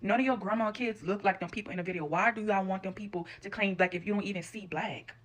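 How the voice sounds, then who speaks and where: A woman with a mid-pitched voice talking straight to camera. She rants bluntly and profanely, lecturing her viewers. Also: quick pace. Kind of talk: reaction video rant.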